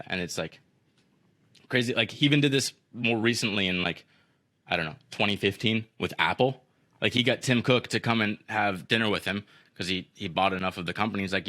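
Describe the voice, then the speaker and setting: A man's voice: lowish voice, bright, forceful tone. A man co-hosting a podcast, telling a story in loose, profane casual chat, full of "like" and acted-out quotes. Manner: loose and profane, heavy use of "like", acts out quotes. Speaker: podcast co-host.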